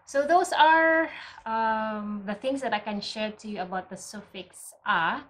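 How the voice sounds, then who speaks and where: A woman's voice: medium pitch, steady tone, measured pace, fairly bright tone, poor audio. Woman teaching a patient language lesson. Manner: patient, explains step by step, often checks with "okay?".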